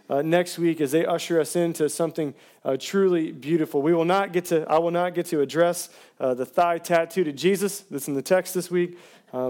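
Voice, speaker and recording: Lively male pastor preaching a sermon. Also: on the high side. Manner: energetic, calls out to the congregation for responses; laughs between phrases, casual filler words. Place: church sanctuary, live service.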